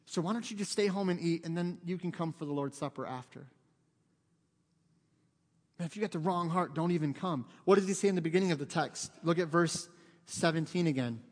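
A man preaching a sermon as pastor, telling stories with dramatic swings from loud to hushed. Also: on the high side, a little fast, big-room sound. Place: church sanctuary.

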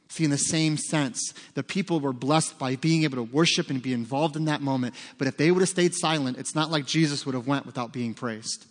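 A man's voice: medium pitch, a little fast, hardly any pauses. A man preaching a sermon as pastor, talking conversationally with joking asides. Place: church sanctuary. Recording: long reverb of a large hall.

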